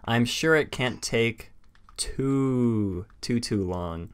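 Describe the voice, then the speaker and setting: A man's voice: mid-range voice, very slow, clear, resonant tone. A young man co-hosting a casual podcast chat, rambling with many fillers and restarts, and he has the hiccups. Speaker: podcast co-host.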